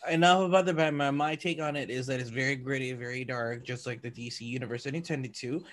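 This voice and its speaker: A man's voice: mid-range voice, quick pace, fairly bright tone. A man in casual chat about superhero films who steers the talk and teases his friend bluntly. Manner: steers the talk, teasing, brash.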